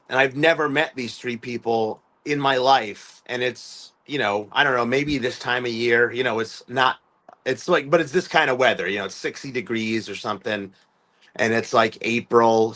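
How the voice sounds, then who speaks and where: Telling casual stories as a guest, this East Coast musician has a medium-pitched, slightly bright voice and a moderate pace. His talk rambles with lots of fillers and restarts, and he performs the voices he quotes.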